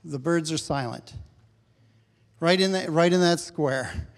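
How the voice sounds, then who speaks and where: A man's voice: on the high side, measured pace, big-room sound. A middle-aged male pastor preaching a sermon in a church, talking conversationally and acting out prayers with rising intensity. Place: church sanctuary.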